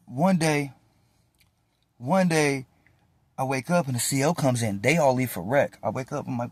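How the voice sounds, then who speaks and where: A man in casual storytime mode, recounting events with loose slang and plenty of cursing. His voice sits at an ordinary middle pitch. The sound is close and dry, with no room echo at all. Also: normal speed, long pauses. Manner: animated, slangy and profane retelling.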